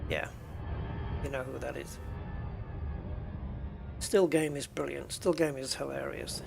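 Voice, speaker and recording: A British man streams a game and chats casually, rambling as he answers viewer questions. His voice is medium-pitched and creaky, with fairly even intonation and an unhurried pace, heard over music.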